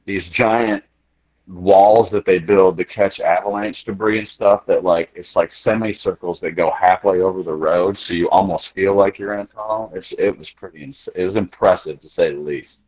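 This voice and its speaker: A man's voice: deep voice, normal speed, lo-fi sound. A man telling travel stories in casual chat, acting out quotes and laughing as he goes. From United States. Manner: animated, acts out quotes with laughter. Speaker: podcast guest. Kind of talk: casual storytelling.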